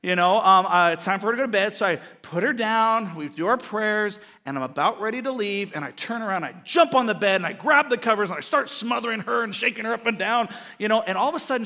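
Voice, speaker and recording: A man's voice: sits high, pushed and bright, long reverb tail. A middle-aged man preaching a sermon as pastor, telling family stories with jokes and acting out quoted voices. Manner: storytelling, jokey, acts out quoted voices.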